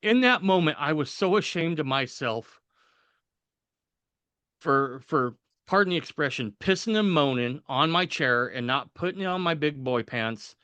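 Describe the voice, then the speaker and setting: A man on a podcast telling a personal story in a casual, animated way, acting out the voices of people he quotes. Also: on the high side, unhurried, clean tone, dry recording.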